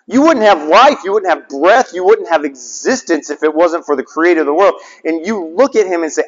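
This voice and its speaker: A man's voice: a little high, lively intonation, brisk, few pauses. A man preaching a sermon, putting rhetorical questions to his listeners and repeating phrases for emphasis. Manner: repetition for emphasis. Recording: dull lo-fi sound with long reverb.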